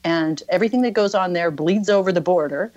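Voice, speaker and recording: Low-voiced woman telling a story. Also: fairly quick, highs cut off. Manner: anecdotal, warm storytelling with laughs. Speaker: guest comedian. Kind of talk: casual video-call chat. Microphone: video call.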